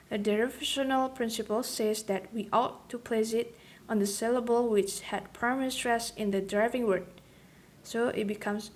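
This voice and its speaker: Brief: young woman, student presenter, reads slowly, higher voice, repeats examples. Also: a little hiss or hum. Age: young adult. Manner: slow, careful, repeats example words. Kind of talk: read-aloud class presentation.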